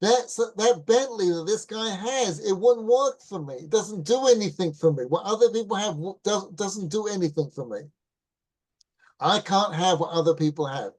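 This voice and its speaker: A middle-aged man with a fairly high but mellow voice, teaching as a rabbi. He tells his story loosely, restarts his phrases and keeps asking his listeners "right?" to make sure they follow. The delivery is warm-toned and conversational rather than formal. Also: normal speed. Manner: relaxed anecdotal teaching with restarts. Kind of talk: Torah class storytelling.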